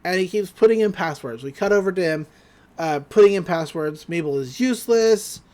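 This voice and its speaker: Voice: medium pitch, animated, brisk, a little mellow. A podcast host giving a casual, rambling episode recap, often laughing.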